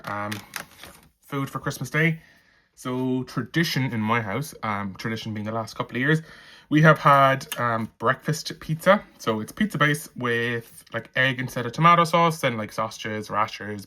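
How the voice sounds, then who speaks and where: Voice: mid-range voice, bright, forceful tone, a little hiss or hum. A budgeting vlogger with an Irish accent, chatting casually at home while counting cash aloud into envelopes. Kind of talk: casual vlog chat.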